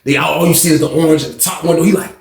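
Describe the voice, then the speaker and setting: Man, raised pitch, gravelly, slangy rambling storyteller, echoey room. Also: fairly even intonation, rapid-fire, crowd noise. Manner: slangy, rambling, acts out shouts. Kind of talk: casual storytime.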